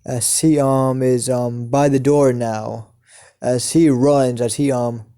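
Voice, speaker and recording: A man improvising a fan story as narrator, halting with many ums and restarts. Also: mid-range voice, steady tone, mellow, smooth.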